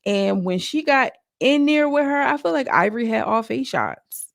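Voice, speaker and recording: Chatty woman with a gravelly voice. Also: a little high, very animated, moderate pace, dry recording, clean studio sound. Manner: chatty, slangy, quotes cast members in mocking voices. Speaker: reality show recap vlogger. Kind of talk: casual recap commentary.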